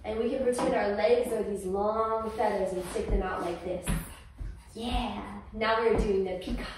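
A mother leading a toddler yoga class, talking gently in a sing-song way to a small child. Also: mid-range voice, fairly even intonation, normal speed, background noise. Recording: echoey room, far from the mic.

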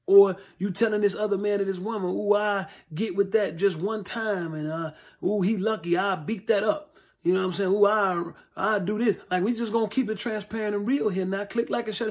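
A man with a husky, breathy edge to his voice leads an informal Bible study. He preaches in blunt, street-level language and hammers his points home by repeating phrases. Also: sits high. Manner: emphatic, repeats phrases for stress.

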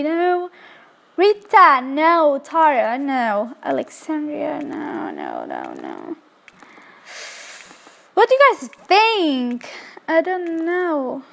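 Excitable high-voiced woman gaming. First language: Korean. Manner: excitable, gushing, many fillers. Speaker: let's play host. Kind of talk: casual gameplay commentary.

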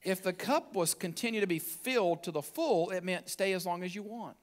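Male pastor, sermon delivery, fairly high voice, swells loud then sinks low, talks to the room in asides. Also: moderate pace. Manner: emphatic preaching, rising loud for emphasis and dropping low at phrase ends; conversational asides to the congregation. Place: church sanctuary.

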